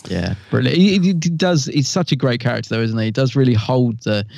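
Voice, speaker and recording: A man co-hosting a casual fan podcast. He laughs often and chimes in with quick agreement. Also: mid-range voice, expressive, gravelly, darkish tone, lo-fi sound. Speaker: podcast co-host.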